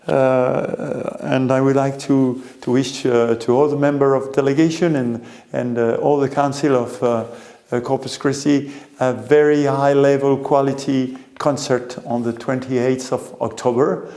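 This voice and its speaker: A man's voice: medium pitch, fairly even intonation, mellow. Hesitant French-accented man giving a speech. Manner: halting, many hesitations. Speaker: delegation committee member. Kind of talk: formal ceremony speech.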